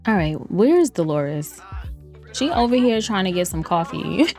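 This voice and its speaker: A woman streamer with a fairly low, slightly mellow voice sounds very animated yet unhurried. Her playful let's-play commentary addresses viewers directly, pokes fun at the characters, and is full of laughter, with lo-fi music faintly behind her.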